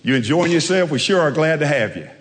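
Guy doing a sly devil host, chummy and welcoming, slightly higher, big hall echo. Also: lively intonation, fast, a bit bright.

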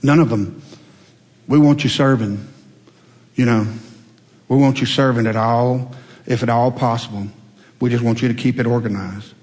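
Pastor preaching in a reverberant sanctuary. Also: male voice, medium pitch, fairly even intonation, moderate pace, long pauses, a little mellow. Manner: folksy storytelling, conversational, rising emphatic peaks. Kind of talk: sermon. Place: church sanctuary. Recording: long hall reverb.

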